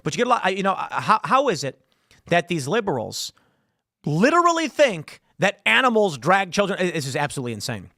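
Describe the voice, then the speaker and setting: A man's voice: high voice, sing-song, a little fast, pushed and bright, dry recording, studio quality. A man hosting live political commentary, talking in a sarcastic, mocking way and slipping into mock voices. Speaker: political show host. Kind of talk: opinionated live-stream commentary.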